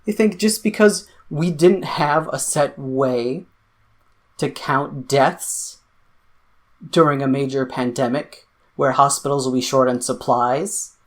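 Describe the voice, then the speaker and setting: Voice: medium pitch, slow pace. A commentary vlogger, delivering an angry, sarcastic, profanity-filled political rant. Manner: sarcastic, profane, sputtering with anger.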